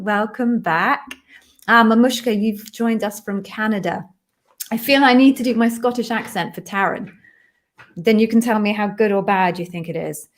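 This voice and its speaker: A middle-aged woman hosting a live-stream Q&A as an interview coach, chatty and friendly with apologetic asides. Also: medium pitch.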